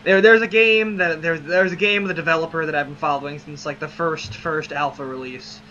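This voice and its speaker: A high, bright male voice belongs to this streamer, who chats loosely through his game with friends. He gets excitable fast, yelling and swearing at his teammates. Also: highs cut off, slight background noise. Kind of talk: casual gameplay chat.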